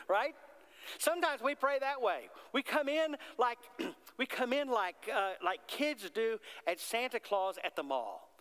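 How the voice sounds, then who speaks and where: A man's sermon, delivered in a high, light voice. He keeps it conversational and keeps asking the congregation questions. The sound has the long reverb of a large church sanctuary. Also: very animated, slow pace, a bit bright. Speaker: pastor.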